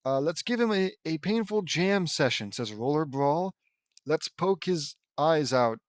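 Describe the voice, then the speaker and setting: Man reading aloud, with lively joking asides. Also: a little high, a little slow, no room sound. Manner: reads quoted battle cries, then breaks off with joking asides and laughs. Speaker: audiobook reader reacting to a fan fiction. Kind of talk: casual read-aloud with commentary.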